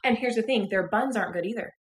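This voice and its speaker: A middle-aged woman co-hosting a casual podcast chat, relaxed and laughing often, reading out listener messages. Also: fairly high pitch, fast talker. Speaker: podcast co-host.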